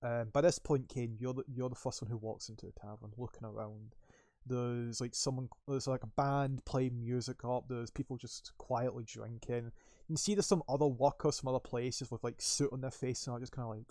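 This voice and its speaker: A man's voice: mid-range voice, steady tone, normal speed, dark tone, no echo, studio quality. A man running a tabletop game as game master, narrating loosely with many fillers.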